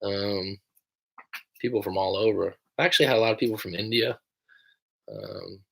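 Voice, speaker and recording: A man's voice: fairly low pitch, steady tone, normal speed, creaky, fairly bright tone, breathy edge. A young American man who coaches people through breakups, chatting casually and rambling on a livestream, swearing now and then. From United States.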